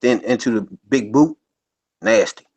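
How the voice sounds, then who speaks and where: A man's voice: medium pitch, measured pace, a little mellow, slightly rough. A man co-hosting a podcast in casual chat, laid-back, slangy and amused. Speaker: podcast co-host. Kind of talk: casual wrestling review chat.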